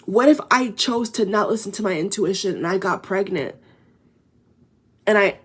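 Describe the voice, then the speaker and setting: A woman's voice: medium pitch, moderate pace, a bit bright, slightly rough. A woman talking straight to her viewers in a casual spiritual vlog, earnest and emphatic, with filler words and swearing. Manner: earnest and emphatic, addresses viewers as guys, frequent you know and swearing. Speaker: spiritual vlogger. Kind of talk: casual direct-to-camera monologue.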